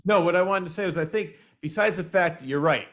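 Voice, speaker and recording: A man hosts a casual interview and chimes in with agreement before giving his own views. His voice sits a little high and plain. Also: fast, a bit bright. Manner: agreeable, backchannels often. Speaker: podcast host.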